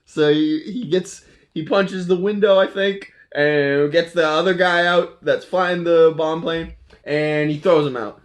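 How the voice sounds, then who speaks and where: A man's voice: on the high side, steady tone, a little slow. A man casually recapping a movie plot, rambling and playful, often laughing and correcting himself.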